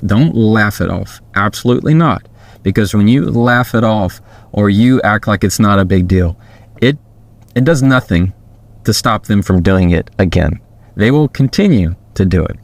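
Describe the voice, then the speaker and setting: Guy podcasting, gravelly kinda low voice, straight-talking advice, dry close mic. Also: no echo. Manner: earnest, direct, coaching. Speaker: podcast host giving advice. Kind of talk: casual advice talk. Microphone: podcast microphone.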